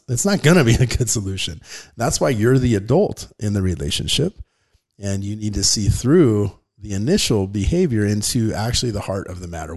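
Man, 30s, podcast co-host; earnest, rambling delivery with frequent restarts, lowish voice. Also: darkish tone. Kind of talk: casual podcast chat.

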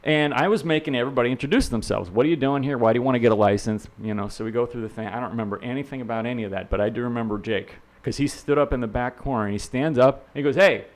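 A middle-aged real estate instructor spins casual stories on a podcast, laughing and animated, often repeating words and acting out quotes. His mid-range voice comes rapid-fire with hardly any pauses.

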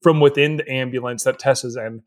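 A man's voice: medium pitch, steady tone, a little fast. A man co-hosting a podcast, riffing with laughs and jokey impressions. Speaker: podcast co-host. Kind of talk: casual movie recap podcast.

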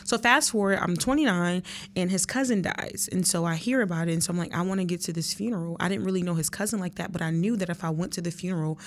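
An earnest woman in her early thirties tells her own story on her podcast, emotional and direct with her listeners. Her voice sits fairly low. A faint hum runs under the recording. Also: fast talker. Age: 30s. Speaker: podcast host. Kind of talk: personal storytelling monologue.

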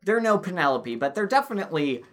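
A woman's voice: fairly low pitch, very animated, quick pace. A woman co-hosting a film podcast in a casual, rambling chat with many fillers. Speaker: podcast co-host.

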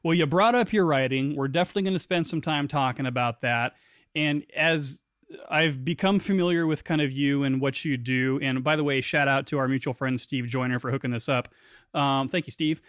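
A man hosting a podcast, joking about himself in a wry, quick-talking way before chatting casually with his guest. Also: mid-range voice, fairly bright tone, no echo, studio quality. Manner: wry, self-mocking jokes, quick delivery. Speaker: podcast host. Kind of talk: scripted intro then casual interview chat.

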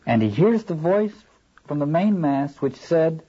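Man giving a halting literature lecture. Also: on the high side, expressive, mellow, husky. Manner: thoughtful, halting, rereads quoted lines aloud. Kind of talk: classroom lecture with read-aloud passages. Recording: dull lo-fi lecture recording.

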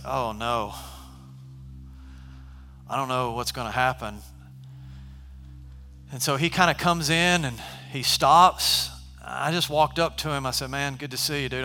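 Man, pastor type, bright forceful voice, long hall reverb, storytelling sermon. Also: mid-range voice. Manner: animated, shifts from conversational to shouting.

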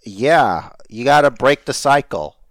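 Lively, teasing male podcast host. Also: medium pitch, measured pace, dry recording. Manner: jokey, teasing, animated. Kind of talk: casual podcast banter.

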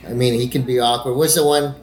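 Chill dude joking around, echoey room, regular pitch. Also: male voice, fairly even intonation, darkish tone. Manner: laid-back, joking, quick to laugh along. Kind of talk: casual chat.

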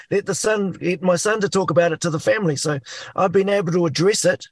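A middle-aged man with a New Zealand accent, a guest talking in an animated way and acting out inner voices. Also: sits high, quick pace, no room sound. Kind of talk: casual chat.

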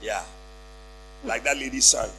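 A man preaching a sermon through an interpreter, shouting declarations for the congregation to repeat. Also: mid-range voice, a little slow, gravelly, a little hiss or hum, low-quality recording. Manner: shouted call-and-response declarations, rising to fervent outbursts.

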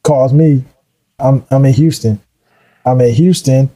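Man telling his career story, mellow voice. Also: mid-range voice, a little slow, rough recording. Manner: animated, acts out quoted voices. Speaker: guest. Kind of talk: casual storytelling.

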